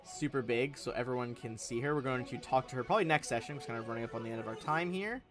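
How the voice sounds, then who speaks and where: A man's voice: mid-range voice, racing, over music. A man narrating a tabletop game on a live stream as game master, in a casual, rambling way with many fillers.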